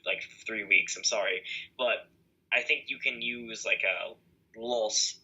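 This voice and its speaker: A man's voice: on the low side, slow pace, bright, forceful tone, breathy edge, lo-fi sound. A young man co-hosting a podcast over a video call, chatting casually and rambling with lots of fillers and restarts. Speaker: podcast co-host. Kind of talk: casual chat.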